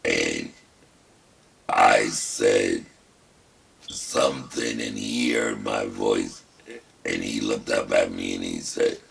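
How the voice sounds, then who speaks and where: An older man hosting his own talk show, telling his story with wry self-mockery in a gravelly, rasping voice produced through a throat prosthesis. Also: very deep voice. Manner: wry, self-mocking, deliberate. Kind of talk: casual personal storytelling. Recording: distant mic with faint background hiss.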